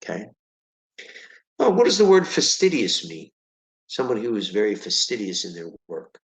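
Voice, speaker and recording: Man, reading tutor, low voice, patient explanations, frequent check-ins, echoey room. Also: huge pitch swings, moderate pace. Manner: patient, explains with examples, keeps checking with "okay?". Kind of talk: one-on-one vocabulary lesson.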